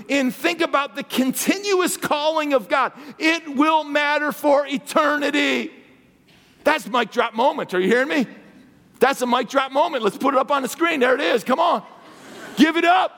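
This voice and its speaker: A man preaching a sermon as guest preacher, swinging between excited exclamations and hushed asides. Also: extremely high pitch, moderate pace. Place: church sanctuary. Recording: long hall reverb.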